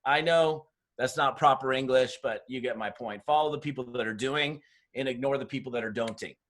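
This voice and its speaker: This middle-aged network marketing trainer speaks in a brisk, mid-range voice with a fairly bright tone. In his motivational webinar talk he offers blunt, tough business training, acting out conversations in his stories, recorded through a webinar mic.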